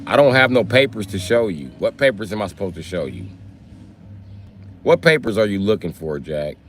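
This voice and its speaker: Brief: male livestreamer, profane confrontational rant, low voice, very lively intonation. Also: normal speed, a little hiss or hum.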